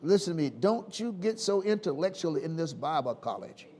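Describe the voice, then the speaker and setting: A man with a Southern accent preaching a sermon in call-and-response style, swinging from quiet asides to loud exclamations. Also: a little high, very animated, normal speed.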